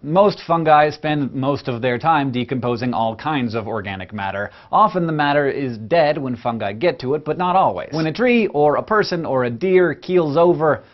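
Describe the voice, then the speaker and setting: A man hosting a science lesson, delivering scripted narration in an energetic, playful, emphatic way. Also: fairly high pitch, muffled recording. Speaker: science educator host.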